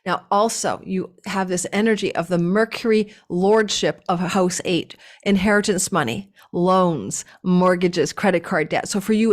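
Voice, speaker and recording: A woman giving a casual astrology forecast, talking with a lively up-and-down cadence and chatty asides. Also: on the low side.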